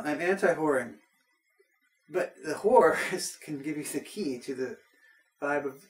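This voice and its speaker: A man's voice: on the high side, reverberant, recorded from a distance, rough recording. An American man telling a rambling comic travel story, often breaking off and restarting with exasperation. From United States.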